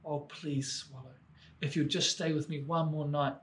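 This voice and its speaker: A man voicing a sorrowful, gentle statue of a prince in a children's story, talking softly. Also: fairly high pitch, steady tone, moderate pace, natural voice. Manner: soft, sad and imploring.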